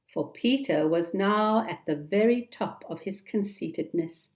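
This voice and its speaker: A woman narrating a children's storybook in a calm, measured, deliberate reading. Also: mid-range voice. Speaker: storybook reader.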